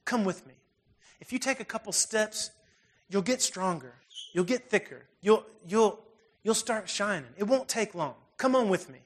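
A patient, shining heavenly spirit who coaxes gently and kindly, as a preacher voices him. The voice sits high for a man and stays warm in intent, part of a story told from the pulpit. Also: expressive, normal speed. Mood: coaxing. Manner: gentle, coaxing.

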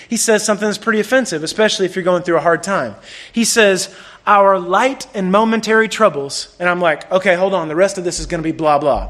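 High voiced guy preaching, tells stories and does everybody's lines. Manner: animated storyteller, acts out quotes. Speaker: pastor. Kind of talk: sermon with storytelling.

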